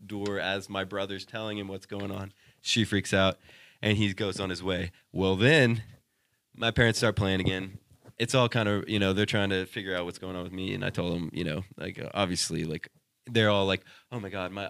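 A man's voice: on the low side, fairly bright tone, no room sound, clean studio sound. A young man co-hosting a podcast, telling a long story in casual chat, rambling with constant "like" and "dude" and heavy swearing. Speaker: podcast co-host.

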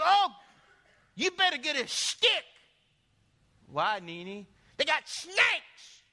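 A man preaching a sermon as pastor, telling lively stories and putting questions to the congregation. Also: high-pitched, in a large hall. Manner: animated storytelling, asks the congregation questions.

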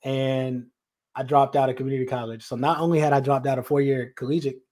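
A man's voice: medium pitch, flat delivery, fast, darkish tone. A man from North Carolina, a podcast host telling a story in a loose, slangy way with many asides to his listeners, out on location. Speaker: podcast host and life coach. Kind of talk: casual storytelling. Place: out on location in his childhood neighborhood.

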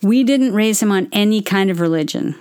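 A woman's voice: mid-range voice, expressive, fairly quick, a little mellow, smooth. A middle-aged woman casually chatting and telling stories to viewers, answering their questions. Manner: chatty, storytelling, self-interrupting. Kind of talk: casual livestream chat.

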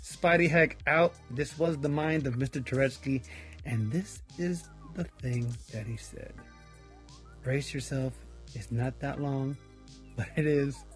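A man hosting a podcast, talking in a rambling, casual way with chuckling asides. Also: medium pitch. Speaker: podcast host.

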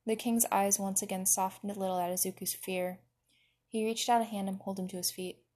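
A woman reading fan fiction aloud with expressive narration. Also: mid-range voice, brisk. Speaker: reader.

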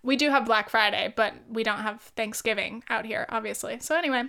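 A woman's voice: fairly high pitch, a little fast, vocal fry. A young woman hosting a casual solo podcast, chatty and candid, swearing freely and laughing often. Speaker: podcast host. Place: lives in the UK.

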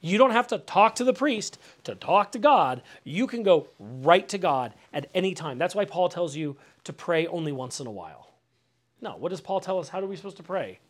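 Fairly high-voiced man preaching conversationally. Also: very animated, moderate pace. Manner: conversational, repeats words, asks the room questions. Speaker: pastor. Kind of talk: sermon teaching. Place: house.

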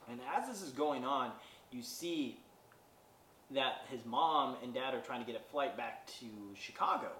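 A man's voice: medium pitch, lively intonation, a little slow. Rambling man in a roomy room. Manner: rambling, filler-heavy, wry asides. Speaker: podcast host reviewing a movie. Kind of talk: casual spoken movie recap. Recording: roomy sound, distant from mic, faint background noise.

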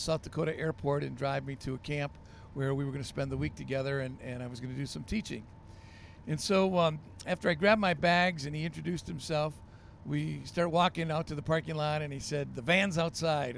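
A man, a pastor, telling stories on a podcast in a lively, animated way with frequent ums and uhs. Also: a little high, creaky, a little hiss or hum. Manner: animated storyteller with many fillers. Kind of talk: storytelling on a podcast.

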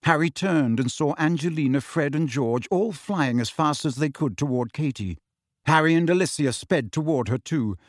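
A man reading an audiobook aloud in an expressive storytelling manner. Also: a little high, moderate pace, no echo, studio quality. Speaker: audiobook narrator. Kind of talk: scripted audiobook narration.

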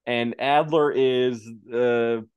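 A man's voice: mid-range voice, fairly even intonation, smooth, no echo, lo-fi sound. A man co-hosting a casual podcast chat, joking and giggling often as he talks. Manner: giggly, jokey, quick asides. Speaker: podcast co-host.

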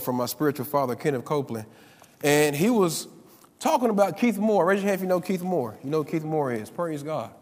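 A male preacher delivers a sermon in a high, ringing voice. He drives his points home by repeating lines for emphasis. The sound carries the long reverb of a large hall.

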